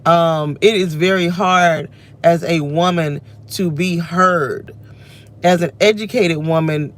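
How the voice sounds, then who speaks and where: Her voice sits on the low side and moves a little slowly. She's a vlogger in her thirties, parked in a car, venting and reflecting in a rambling, emotional rant to the camera.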